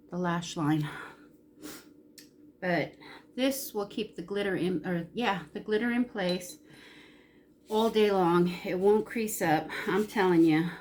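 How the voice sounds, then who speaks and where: A woman with a slightly low voice chats candidly to camera during a makeup tutorial, fighting back tears now and then. A faint hum of room ambience sits behind her. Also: darkish tone. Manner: candid, emotional, chatty with Southern-style "y'all". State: close to tears. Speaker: beauty vlogger. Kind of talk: casual makeup tutorial chat.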